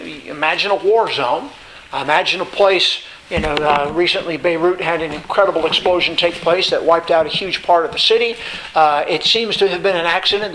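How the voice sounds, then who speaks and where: A man teaching a Bible study lecture, stressing points with repetition and pausing often on filler sounds. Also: fairly high pitch, bright, forceful tone, slight background noise, rough recording.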